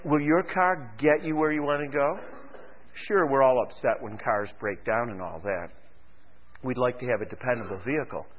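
A man preaching a sermon, firing off rhetorical questions and building to fervent exhortation, heard as a tinny radio broadcast. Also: mid-range voice.

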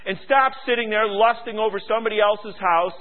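A man preaching a sermon as pastor, acting out quoted voices and swinging between shouts and hushed tones. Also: sits high, fairly quick. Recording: phone-like radio broadcast.

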